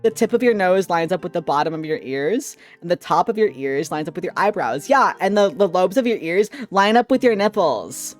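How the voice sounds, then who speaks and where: A young man chatting on a live stream as a VTuber, excitable, giggly and rambling, with a lot of laughter. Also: high voice, fairly quick, few pauses, faint music behind. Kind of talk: casual live-stream chat.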